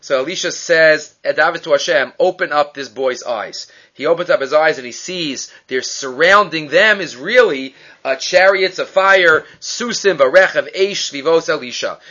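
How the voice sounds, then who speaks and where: A man's voice: on the high side, normal speed, pushed and bright. A man teaching an informal Bible class, retelling the story with Hebrew terms and acting out the quoted lines. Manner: mixes Hebrew terms into English. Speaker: Torah teacher. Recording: dull lo-fi recording.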